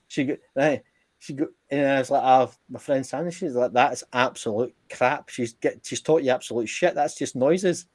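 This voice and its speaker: A man's voice: mid-range voice, normal speed, dry recording. A man on a live stream, swearing freely as he tells stories in casual chat. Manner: swears freely, tells anecdotes with acted quotes. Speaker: guest.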